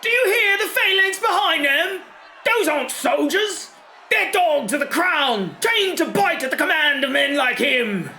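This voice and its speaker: Man playing a fiery rebel inciting a mob, high and bright, roomy echo. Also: expressive, unhurried, a little hiss or hum, full character voice. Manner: urgent, inciting. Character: fierce male rebel firebrand urging a fight.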